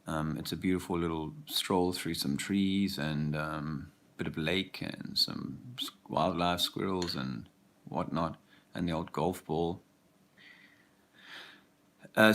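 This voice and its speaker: A man's voice: low-pitched, gravelly, a bit bright. A man talking hesitantly with many fillers as he walks outdoors, reflecting in a casual vlog. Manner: rambling, hesitant, full of fillers. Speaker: father, vlogger. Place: outdoors, walking a park path.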